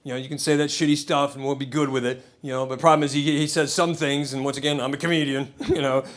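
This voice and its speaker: A man's voice: medium pitch, little pitch movement, fast talker. A middle-aged man doing a stand-up set in a comedy club, wry, loose and self-deprecating. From United States. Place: comedy club with live audience. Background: audience laughter.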